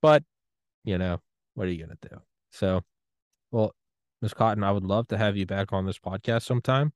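A man from the United States hosting a podcast interview, talking in a casual, animated way that swings into loud outbursts. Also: fairly low pitch, normal speed, no echo, studio quality. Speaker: podcast host.

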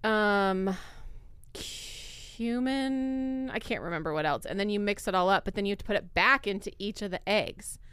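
A woman's voice: medium pitch, normal speed, a bit bright, smooth, no room sound. A woman co-hosting a snack podcast, chatting casually and rambling through long explanations. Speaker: podcast co-host. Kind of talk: casual chat.

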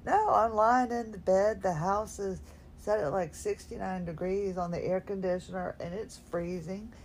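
A woman's voice: medium pitch, normal speed, a little mellow, a little hiss or hum. A woman hosting a podcast, talking casually from her bed at home in a rambling, self-deprecating way, yawning now and then. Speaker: podcast host. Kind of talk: casual solo podcast talk.

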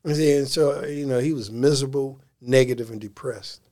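A man, a life coach, telling stories in a casual interview; he is animated, laughs often and uses slang. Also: medium pitch, a little fast.

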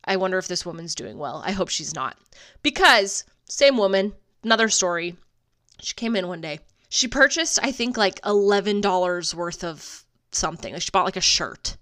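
A woman's voice: medium pitch, normal speed, bright, forceful tone, smooth. A woman hosting a solo podcast, telling stories in a casual, profane, sarcastic way and laughing often. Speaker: podcast host.

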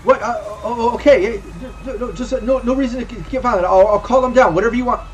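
A man voicing a panicky, cornered male gang thug who stammers and curses in a high strained voice. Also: fast talker, highs cut off, a little hiss or hum. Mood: nervous pleading. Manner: stammering, frantic, repeats himself.

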